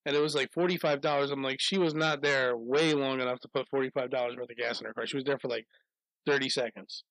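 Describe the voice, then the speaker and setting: A man's voice: mid-range voice, fairly even intonation, fast, a bit bright, no room sound, low-quality recording. Foul-mouthed man telling a rambling story. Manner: profane, rambling, laughs through anecdotes. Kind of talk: casual storytelling chat.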